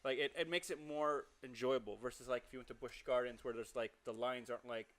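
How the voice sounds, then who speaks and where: A young man with a mid-pitched voice pitch= chats on a casual podcast, stopping and restarting his sentences. He leans heavily on "like" as he looks for words. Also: fairly even intonation, a bit bright. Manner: halting, filler-heavy talk. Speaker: podcast co-host. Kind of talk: casual chat.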